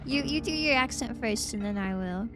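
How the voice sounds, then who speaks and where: This streamer's voice runs on the high side at a moderate pace as she plays a video game with music behind her. Chatty and excitable, she reads out the on-screen text and keeps slipping into whispers.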